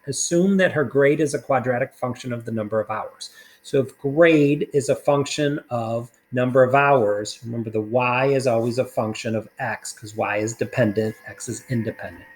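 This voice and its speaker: On a low-quality recording, a man with a medium-pitched voice teaches a math lesson. He talks casually through worked problems and uses fillers along the way.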